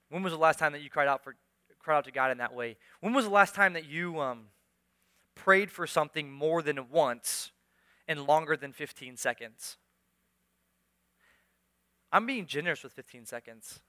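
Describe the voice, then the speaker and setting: A man's voice: fairly high pitch, lively intonation, normal speed, pauses often, sharp tone, clean tone. A male pastor preaching a sermon in church, earnest and urging, often repeating phrases for emphasis. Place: church sanctuary.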